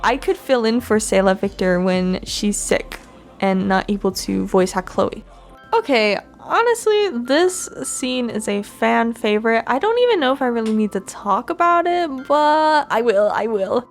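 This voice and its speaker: A woman's voice: on the high side, animated, a little slow, faint music behind. A woman hosting a casual fan commentary video, chatty and giggly, laughing often as she talks. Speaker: fan channel host.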